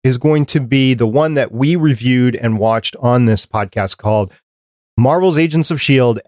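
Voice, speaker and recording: A man's voice: mid-range voice, no room sound, clean studio sound. A man hosting a podcast, chatting casually as he works through a prepared list. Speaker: podcast host.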